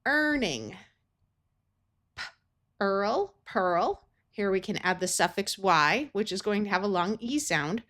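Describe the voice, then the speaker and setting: A woman's voice: mid-range voice, a bit bright. An American woman teaching a phonics lesson, sounding out words carefully in parts. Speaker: reading tutor.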